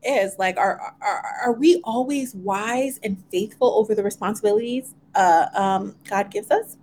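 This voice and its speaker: A woman's voice: mid-range voice, normal speed, a little mellow, a little hiss or hum. A woman co-hosting a casual faith discussion, reflective and conversational, with many "you know" fillers.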